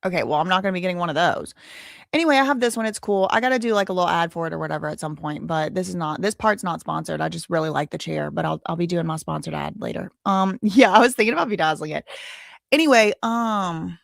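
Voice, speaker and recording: A woman's voice: fairly low pitch, quick pace, creaky, dry recording, studio quality. A woman in her thirties chatting casually with viewers on her livestream, rambling with many fillers. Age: 30s. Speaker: livestream host. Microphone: desk microphone with headphones.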